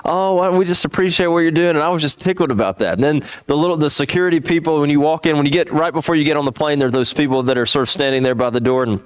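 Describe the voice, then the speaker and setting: A man's voice: a little high, very fast, few pauses, smooth, no room sound. Chatty man telling a funny story. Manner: animated, self-deprecating, frequent restarts. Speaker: church seminar speaker. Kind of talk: humorous storytelling to a church audience.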